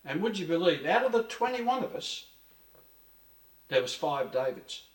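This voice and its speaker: A man's voice: on the high side, big pitch swings, normal speed. An older man from Australia, an interview guest telling stories in a rambling, earthy way, with restarts and mild swearing. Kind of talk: casual reminiscing interview. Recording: roomy, from a distance.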